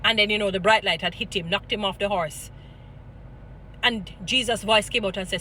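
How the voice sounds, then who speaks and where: A Jamaican woman vlogging, scolding and preaching in an animated mix of patois and English, weaving in Bible stories. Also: medium pitch, moderate pace, a little hiss or hum. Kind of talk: impassioned commentary with Bible stories.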